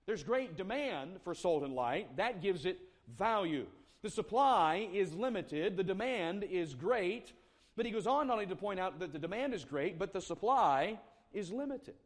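High-voiced man preaching a sermon. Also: animated. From South Carolina. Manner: earnest preaching, slowing down on scripture quotes. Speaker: pastor.

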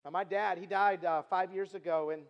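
A middle-aged man giving an earnest storytelling sermon as a youth speaker, repeating himself and dropping from loud to hushed. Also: high-pitched, steady tone, moderate pace, highs cut off. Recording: long reverb of a large hall.

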